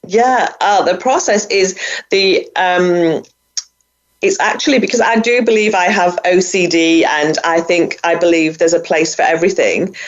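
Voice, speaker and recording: A middle-aged woman talking casually and with enthusiasm as a guest on a video call, chatty and quick to laugh. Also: fairly low pitch. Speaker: guest, budgeting coach. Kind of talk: casual interview talk. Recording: muffled, lo-fi sound.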